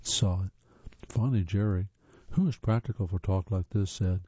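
A man reading audiobook narration in a steady, measured way. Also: low-pitched, husky, no room sound. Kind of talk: scripted narration. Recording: dull dry lo-fi audiobook.

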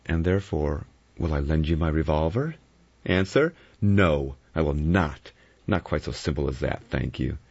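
A blunt, stolid ex-policeman who speaks gruffly, as a male reader puts him on. The voice is very deep and gravelly, and the recording sounds dull and lo-fi. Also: lively intonation, normal speed, darkish tone, no echo, full character voice.

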